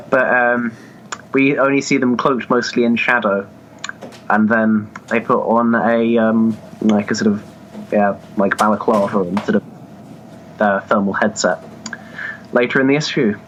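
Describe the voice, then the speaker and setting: A man's voice: lowish voice, fairly even intonation, measured pace, long pauses, a bit bright. Male podcast co-host, laughs a lot, hesitant, slightly muffled audio, faint hiss. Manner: laughs often, hesitant with fillers. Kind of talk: casual comic book discussion.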